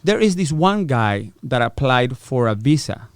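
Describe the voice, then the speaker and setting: A man's voice: medium pitch, sing-song, measured pace, no echo. A middle-aged man, a podcast guest, telling a story in a casual, profane way, acting out the voices of people he quotes. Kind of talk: storytelling interview.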